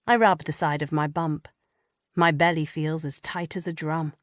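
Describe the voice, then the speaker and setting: A woman reading a first-person audiobook in an expressive, measured way on a close studio mic. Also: deep voice, dry recording. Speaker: audiobook narrator.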